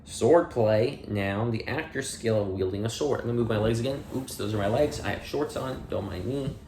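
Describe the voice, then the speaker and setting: A man's voice: mid-range voice, moderate pace, darkish tone, roomy sound, slight background noise. A man reading dictionary entries aloud one by one, with plain delivery, dry asides and small playful slips. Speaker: audiobook reader.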